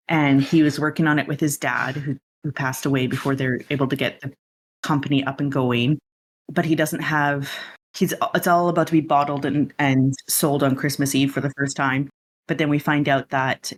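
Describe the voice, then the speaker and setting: A man hosting a podcast, casually recapping a film in a chatty, rambling way with lots of asides. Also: medium pitch. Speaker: podcast host.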